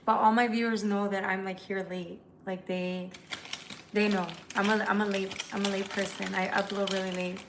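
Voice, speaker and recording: A young woman at home chatting on a live stream, loose and profane, greeting viewers and answering their comments as they come in. Her voice sits at an ordinary middle pitch, with a faint hiss of noise behind it. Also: level tone, normal speed. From United States. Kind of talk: casual live-stream chat.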